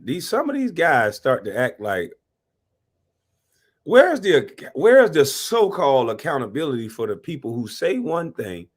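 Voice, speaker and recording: A man hosting a live reaction stream, talking animatedly, cursing and giving shout-outs to his chat. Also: fairly high pitch. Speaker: livestream reaction host.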